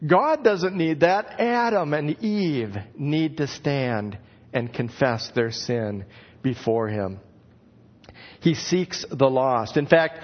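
A middle-aged man preaching a sermon, telling stories and acting out the calls in his passage. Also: on the high side. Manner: expressive storytelling, acts out calls of "where are you". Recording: dull lo-fi sound.

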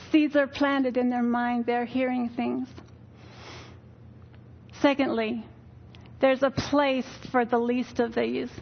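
A woman's voice: high voice, highs cut off. Weary older woman giving a testimony. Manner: earnest, candid storytelling. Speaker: church speaker. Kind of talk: personal testimony talk.

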